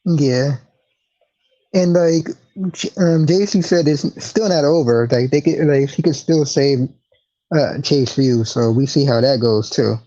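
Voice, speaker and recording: A podcast co-host who mostly chimes in with brief, hesitant agreements during a casual wrestling chat. The voice is dark and mellow. It comes through on a dull, lo-fi recording. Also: medium pitch, unhurried. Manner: short agreeing replies, hesitant. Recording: dull lo-fi sound.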